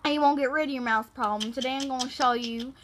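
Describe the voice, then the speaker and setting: A bright, high-voiced folksy Southern DIY host, put on by a woman. The delivery is loud and chummy, like a homemade tutorial. The accent is broad and playful. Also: fairly even intonation, quick pace, slight background noise. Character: cheerful Southern DIY man-of-the-house type, how-to presenter.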